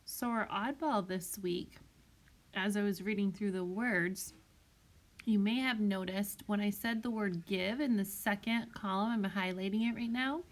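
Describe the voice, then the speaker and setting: Teacher lady doing a kids spelling lesson, super slow and careful, sounds every word out. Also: mid-range voice. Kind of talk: recorded spelling lesson for young children. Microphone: tablet microphone.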